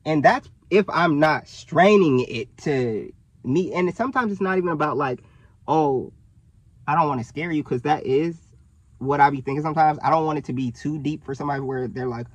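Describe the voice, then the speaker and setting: A young man, talking casually to camera in an animated way, full of fillers and self-corrections. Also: fairly high pitch, brisk, breathy edge, no echo. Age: young adult. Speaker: vlogger. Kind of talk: casual direct-to-camera talk.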